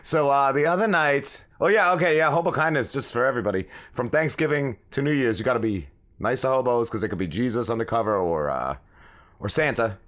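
A man's voice: medium pitch, fairly quick, a bit bright. A man co-hosting a podcast, rambling through stories full of swearing and acting out what other people said. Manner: rambling, swears a lot, acts out quoted people. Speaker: podcast co-host. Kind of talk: casual profane storytelling.

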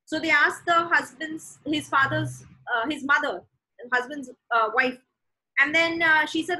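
A woman preaching a sermon with a high, bright voice. She leans hard on key words and repeats them to drive her point home. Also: normal speed, low-quality recording. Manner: emphatic, repeats words for stress.

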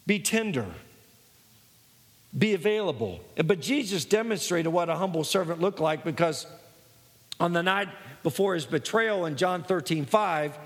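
A man preaching a sermon, earnest and personal, telling his own story with many false starts. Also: sits high. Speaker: pastor. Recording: long hall reverb.

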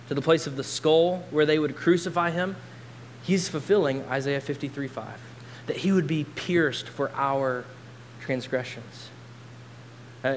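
A man preaching a sermon as pastor, earnest, lifting his voice for quoted scripture and dropping low to press a point. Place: church sanctuary. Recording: long hall reverb, faint hum.

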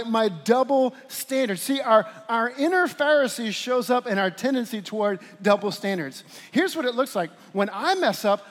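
A man in his forties delivers a sermon with a high, bright-toned voice, shifting between playful asides and earnest points. His words ring out with a long reverb from a large church hall. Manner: animated, conversational preaching with playful asides. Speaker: pastor.

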